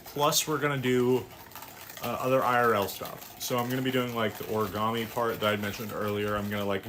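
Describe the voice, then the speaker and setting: A teenage boy rambles through a baking live stream, mocking himself and swearing offhand. His mid-pitched voice sits back from the mic in an echoey kitchen with clear noise behind it. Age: teens. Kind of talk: casual live-stream chat while baking. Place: home kitchen. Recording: echoey room, distant mic, noisy.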